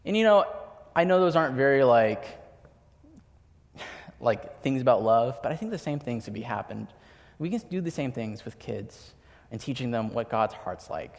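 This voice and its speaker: A man's voice: medium pitch, expressive, moderate pace, pauses often. A young man giving a sermon, telling personal stories in a casual, chatty way with lots of filler words. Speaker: preacher. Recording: long hall reverb.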